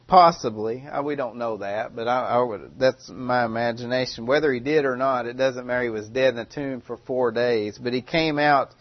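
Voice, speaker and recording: A man preaching a sermon in a dramatic way, with loud cries and long hushed pauses. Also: medium pitch, highs cut off.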